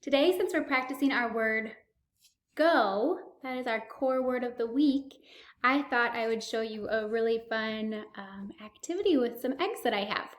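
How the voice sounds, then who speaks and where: A young woman speech therapist giving a children's speech lesson, slow and exaggerated, with excited gasps. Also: fairly high pitch, roomy sound.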